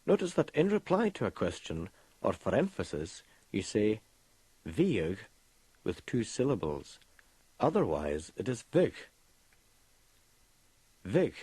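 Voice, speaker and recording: Male lesson narrator, low husky voice, slow and careful, dry sound. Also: big pitch swings, darkish tone, no room sound. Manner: slow, careful teaching delivery. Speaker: language course presenter. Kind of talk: scripted language lesson narration.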